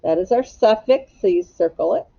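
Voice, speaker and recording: A woman's voice: mid-range voice, animated, normal speed, gravelly, dark tone, dry recording, muffled recording. A woman teacher giving a phonics lesson to young children, patiently sounding out and spelling each word.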